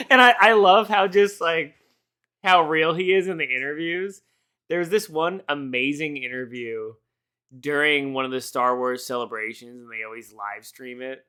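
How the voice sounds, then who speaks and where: A man's voice: fairly high pitch, measured pace, sharp tone, clear, resonant tone. A tipsy man co-hosting a podcast, giving rambling, profane movie commentary and laughing often. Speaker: podcast co-host. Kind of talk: casual movie commentary chat.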